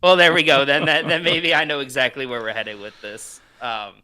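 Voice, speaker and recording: A man with a bright, forward voice chats on a movie podcast. He rambles through tangents, leaning on fillers as he tells a story. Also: medium pitch, steady tone, normal speed, smooth. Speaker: podcast co-host. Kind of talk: casual roundtable chat.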